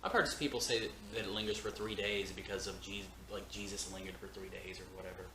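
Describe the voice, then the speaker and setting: Guy from georgia, bright tone, kinda low, chatting in an echoey room w faint hum. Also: fairly even intonation, quick pace. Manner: musing, self-deprecating, hesitant restarts. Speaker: co-host, band member. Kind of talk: casual chat. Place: room in an old house.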